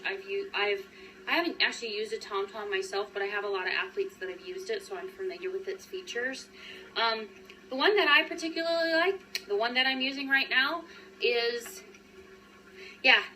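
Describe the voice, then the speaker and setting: A woman's voice: medium pitch, pushed and bright, recorded from a distance, slight background noise, low-quality recording. A woman in her forties, a running coach, chatting casually and upbeat to live viewers with lots of ums and restarts.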